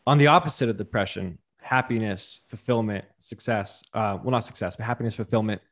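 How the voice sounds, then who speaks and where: A man's voice: fairly low pitch, brisk. A man hosting a podcast, chatting casually and agreeably with a guest. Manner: relaxed, agreeable, loose filler words. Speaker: podcast host. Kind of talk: casual conversation.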